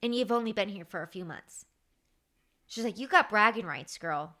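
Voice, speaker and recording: A woman, hosting her own podcast and telling work stories in a chatty, animated way, acting out what others said. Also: mid-range voice, moderate pace. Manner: animated, chatty, acts out quoted dialogue. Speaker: podcast host. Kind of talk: casual storytelling monologue.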